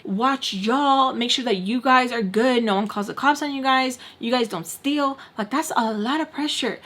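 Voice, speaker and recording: A young woman telling a personal story in a casual storytime vlog, animated and profane, acting out the people she talks about. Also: on the high side.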